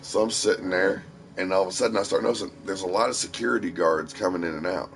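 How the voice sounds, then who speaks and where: A man's voice: sits low, fast, gravelly. A man casually telling a long story, rambling and swearing freely with a tough edge. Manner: profane, rambling, tough-talking. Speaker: streamer.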